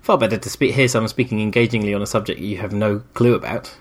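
A man's voice: lowish voice, fairly even intonation, fast talker. A man from England, chatting casually in an easygoing, agreeable way. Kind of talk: casual chat.

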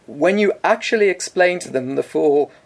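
A man talking casually with a co-host. His voice sits a touch high. He explains things with dry sarcasm, often pausing on fillers. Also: expressive, vocal fry. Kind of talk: casual comedic chat.

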